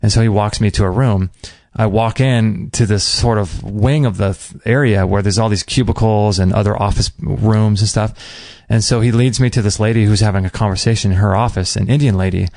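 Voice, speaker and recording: A man hosting a podcast, telling a personal story in a casual, animated way and acting out what people said. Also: lowish voice, brisk, creaky, dry recording, studio quality. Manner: animated, acts out quoted dialogue; emotional, near tears at times. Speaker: podcast host.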